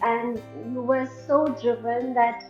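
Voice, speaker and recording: Slow, high-voiced woman podcast host. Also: steady tone, echoey room, highs cut off, faint music behind. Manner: measured, asks questions in long lists. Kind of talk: interview questions.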